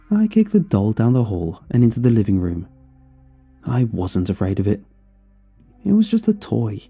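A man tells a horror tale in the first person, his voice dark and husky. His pitch moves in a lively way as he narrates, with faint music playing underneath. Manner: expressive first-person storytelling. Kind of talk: scripted horror story narration.

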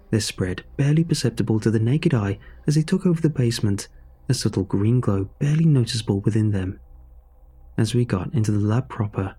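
A man narrating a horror story in a measured, suspenseful way. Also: on the low side, warm tone, slightly rough.

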